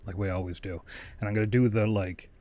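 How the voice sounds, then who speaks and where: A man's voice: lowish voice, steady tone, fast talker, mellow. A man playing a tabletop role-playing game, chatting in a crude, joking way. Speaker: player. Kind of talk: casual tabletop play.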